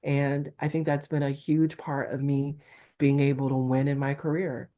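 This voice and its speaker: A middle-aged woman from Newark speaks as an interview guest. Her voice sits low and mellow, yet she has a Valley-girl-like lilt. She talks in an animated, emphatic way. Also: moderate pace. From Newark, New Jersey, USA. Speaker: talent agent guest. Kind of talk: candid interview conversation.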